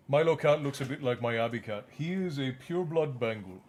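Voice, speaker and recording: A man's voice: medium pitch, lively intonation, brisk, hardly any pauses, darkish tone, slight background noise. Chatty young male streamer. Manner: chatty, teasing his pets while reading chat. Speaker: streamer reading a book aloud. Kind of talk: audiobook-style narration and casual stream chat.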